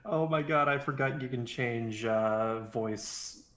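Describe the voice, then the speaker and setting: A man's voice: medium pitch, takes it slowly, a bit bright. A man chatting playfully with friends while gaming, rambling through his thoughts. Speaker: friend on stream. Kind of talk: casual gaming voice chat.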